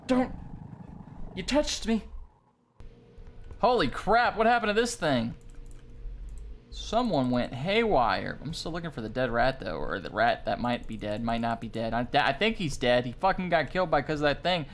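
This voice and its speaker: A man playing a horror game on video, joking, swearing and reacting loudly to scares. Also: medium pitch, very animated, moderate pace, pauses often. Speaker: gaming video host. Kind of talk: horror game let's play commentary. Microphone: desk mic with facecam.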